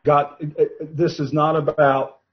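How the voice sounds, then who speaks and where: A man's voice: a little high, flat delivery, slow, highs cut off. Earnest man on a talk show panel. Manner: earnest and emphatic, repeating key words.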